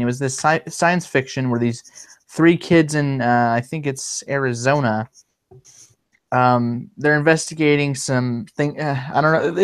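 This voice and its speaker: Rambling man with a smooth voice. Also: mid-range voice. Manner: rambling, many fillers and restarts. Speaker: livestream host. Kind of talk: casual livestream chat.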